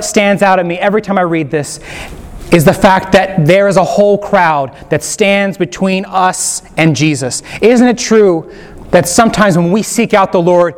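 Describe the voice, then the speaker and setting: A man leading a gentle, inviting guided meditation on Scripture as a preacher. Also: sits high. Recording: long hall reverb.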